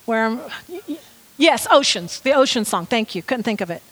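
A woman preaching a sermon, telling a story with lively, animated delivery and acting out quoted lines. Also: fairly high pitch, moderate pace.

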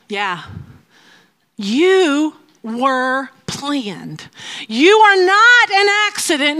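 A woman giving a sermon, talking in playful asides that mix with drawn-out, emphatic phrasing, and laughing often. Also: high-pitched, pushed and bright. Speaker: speaker teaching a faith message.

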